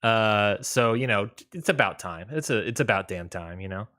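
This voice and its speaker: A man's voice: lowish voice, animated, normal speed, pushed and bright. A young man co-hosting a podcast, telling a rambling story in casual chat and laughing often. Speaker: podcast co-host.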